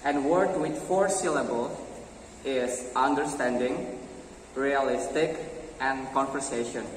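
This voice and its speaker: A young man with an Indonesian accent presenting a pronunciation lesson to his class, halting and full of fillers. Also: mid-range voice, slight background noise. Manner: slow, halting, with many fillers. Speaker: student presenter. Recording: roomy echo from far off.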